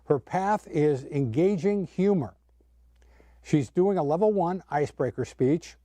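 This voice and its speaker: A man's voice: fairly high pitch, animated, measured pace, dark tone, no echo. A man hosting a speaking club meeting, introducing and interviewing speakers in an upbeat, encouraging way over a video call. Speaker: meeting host.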